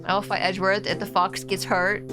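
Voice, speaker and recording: Excitable streamer woman, lively swooping voice. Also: medium pitch. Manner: excitable, laughing, reads dialogue in voices. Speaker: streamer playing a game. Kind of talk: live let's-play commentary. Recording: game music under the voice.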